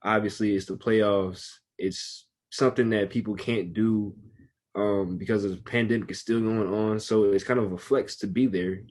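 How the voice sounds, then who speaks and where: A man with a low, husky voice co-hosting a casual podcast. He speaks earnestly and presses his points with emphasis. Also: steady tone, normal speed, darkish tone. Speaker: podcast co-host. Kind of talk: casual chat.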